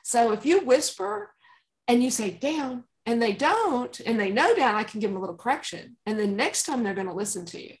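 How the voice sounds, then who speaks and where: Dog trainer lady on an interview, a bit high pitched, calm but emphatic, laughs a lot. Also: a little fast. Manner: calm, emphatic, laughs often, acts out commands. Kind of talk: conversational interview.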